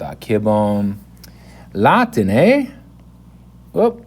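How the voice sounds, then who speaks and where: Slow, deep-voiced man teaching casually. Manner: relaxed and rambling, with many fillers and self-corrections. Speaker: language teacher. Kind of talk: casual spoken lesson.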